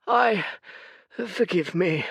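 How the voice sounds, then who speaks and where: Man putting on a tired, teary old seer: high, quavering croak, dry close sound. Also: expressive, very slow, fairly bright tone, no room sound, heavily acted. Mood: weary, sorrowful. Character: old weary male seer, teary and sorrowful.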